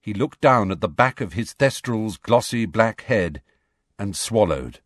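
A man narrating a fantasy novel chapter with an expressive, dramatic reading. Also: lowish voice, unhurried, dry recording, clean studio sound. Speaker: audiobook narrator. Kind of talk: scripted storybook narration.

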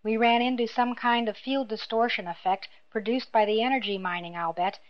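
A woman voicing a wary, sharp-tongued young princess in a storybook reading. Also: on the high side, steady tone, brisk, close to an everyday voice. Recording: dull lo-fi recording.

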